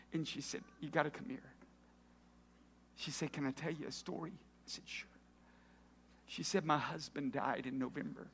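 Preaching man with hushed whispers. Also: on the high side. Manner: storytelling, swings from loud to hushed whispers. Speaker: pastor. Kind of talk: sermon.

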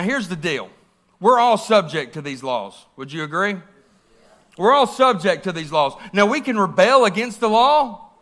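A man preaches a sermon in a church, lively and questioning, often turning to the congregation. His voice sits high and has a bright, forward ring. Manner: animated, asks the congregation questions.

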